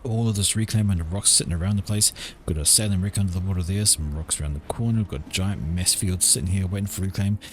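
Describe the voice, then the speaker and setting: A man's voice: deep voice, fast talker, background noise. A man casting a strategy game with casual play-by-play commentary, chatty and joking in his asides. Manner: chatty, with offhand jokes and asides. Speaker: game caster.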